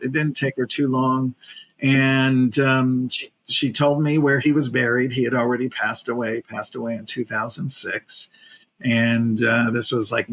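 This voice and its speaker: Animated man in his fifties telling stories. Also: medium pitch, poor audio. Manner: animated storyteller, acts out quoted people, frequent fillers. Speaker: casting director guest. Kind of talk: casual storytelling.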